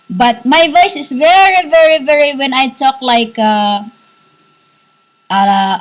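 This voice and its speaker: A woman giving a rambling spiritual monologue, halting and repetitive, scolding her listeners as "humans". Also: a little high, poor audio. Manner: scolding, insistent. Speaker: self-styled spiritual teacher.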